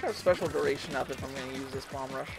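A woman's voice: very deep voice, very fast. A woman giving casual running commentary while playing an online game, reacting aloud as she plays. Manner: chatty, reacts aloud to the match. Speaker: gaming streamer. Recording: game music behind the voice. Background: game music.

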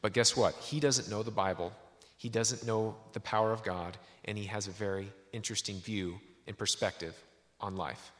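A man's voice: lowish voice, steady tone, moderate pace, a bit bright. A man giving a sermon in a church, telling a story with many restarts. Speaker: preacher. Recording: echoey church hall.

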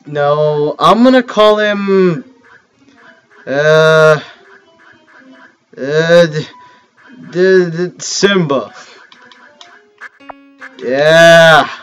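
A man doing casual gameplay commentary. He is excitable and joking, with sudden loud outbursts. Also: on the high side, clear, resonant tone, low-quality recording. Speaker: let's play host.

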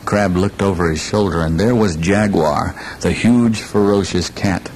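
A man with a low voice tells a children's story in a slow, lilting way, inviting listeners to say the repeated parts with him. A faint rumble runs under the recording. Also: darkish tone, poor audio. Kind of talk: children's story read aloud with sing-along parts.

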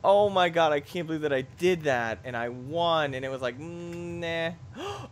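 Young male let's player, lively and loud in his reactions, fairly high voice. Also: normal speed. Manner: loud, jumpy reactions with shouts and laughs. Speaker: gameplay commentator. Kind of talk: excitable let's play commentary.

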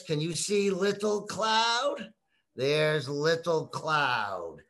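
Slow, coaxing woman teacher. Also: sits low, fairly bright tone. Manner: slow, repetitive and coaxing, prompting children to repeat words. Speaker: kindergarten teacher. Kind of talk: reading a picture book to young children.

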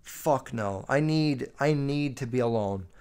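A man in his early twenties hosting a podcast, ranting casually in a blunt, profane, animated way. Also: medium pitch, unhurried, clear, resonant tone. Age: 20s. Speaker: podcast host. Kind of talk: casual rant.

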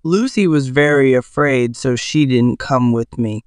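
A man reads a first-person story aloud at an unhurried, careful pace. His voice is smooth and clear and sits mid-range. The sound is dry and close, with no room around it. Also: mid-range voice, no echo. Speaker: story narrator.

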